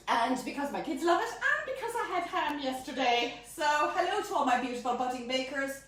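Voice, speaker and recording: A chatty middle-aged woman with a high, lively voice that jumps all over the place. She talks through a live baking demo in her home kitchen, caught on a phone held some way off, with a lot of room echo and faint noise behind. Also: moderate pace. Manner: bubbly, chatty and animated. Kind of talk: live-streamed cooking demonstration. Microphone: phone camera held by a helper at a distance. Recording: echoey room, phone mic from far off.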